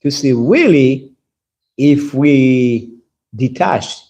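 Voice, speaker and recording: French-accented male class speaker, mellow, halting English, repeats words. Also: mid-range voice, expressive, gravelly, highs cut off. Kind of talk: scripture class talk.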